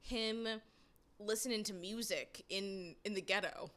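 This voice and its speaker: Bright, enthusiastic woman chatting films. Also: mid-range voice, measured pace. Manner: enthusiastic, laughs often, playful. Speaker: film podcast co-host. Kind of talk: casual chat.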